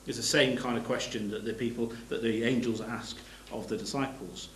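A man's voice: medium pitch, steady tone, moderate pace, roomy sound, a little hiss or hum, poor audio. A man giving a sermon. He reads scripture aloud and explains it plainly, stopping to restart his phrases. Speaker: preacher.

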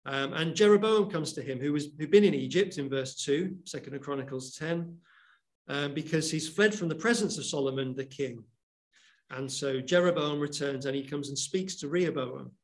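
A man's voice: on the high side, normal speed. A man giving a sermon, reading Bible verses aloud and explaining them with questions to his listeners. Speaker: preacher.

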